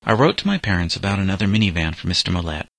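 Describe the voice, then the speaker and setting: A man narrating a children's novel aloud in a steady storytelling manner, giving the boys light character voices. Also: deep voice, racing, vocal fry, no echo. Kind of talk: audiobook reading of a children's novel.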